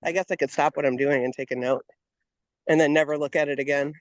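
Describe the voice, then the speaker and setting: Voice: mid-range voice, fairly even intonation, quick pace, no echo. Breathless speaker chatting mid-walk. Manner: playful, laughs often. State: out of breath from walking. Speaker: panel participant. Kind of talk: casual group video-call chat.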